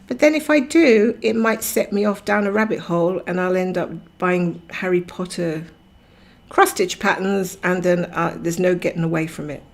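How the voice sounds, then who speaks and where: A woman's voice: lowish voice, moderate pace. A woman hosting a cross-stitch livestream, chatting casually and rambling while she greets viewers by name and laughs often.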